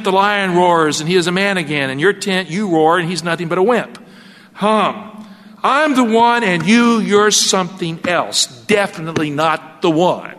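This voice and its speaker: A boastful young pregnant slave woman sneers at her mistress in a sing-song, mocking lilt, as a male preacher puts her on. The voice is bright and pushed high. A long hall reverb trails each phrase.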